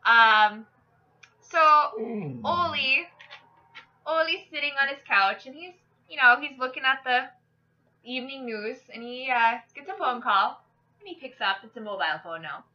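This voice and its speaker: Podcast host gal, fairly high voice, chatty and jokey, muffled lo-fi sound. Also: female voice, moderate pace. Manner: animated, jokey storyteller with fillers. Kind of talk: casual joke-telling chat.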